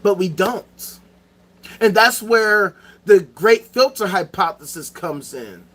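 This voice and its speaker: High-voiced man in a profane rant. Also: slow. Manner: animated, profane, repetitive ranting. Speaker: host. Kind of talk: ranting commentary.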